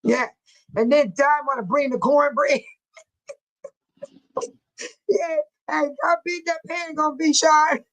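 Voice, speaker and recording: A woman's voice: sits high, steady tone, takes it slowly, pauses often, a bit bright, rough recording. A woman hosting a casual livestream, talking straight to her viewers and laughing often. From Texas. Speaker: livestream host.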